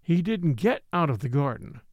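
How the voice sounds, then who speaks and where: A man reading the part of a mild, patient priest in a quiet, reflective way, in an audiobook. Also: fairly high pitch, big pitch swings, normal speed, no room sound, lo-fi sound. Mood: calm. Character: mild little old priest, calm and patient.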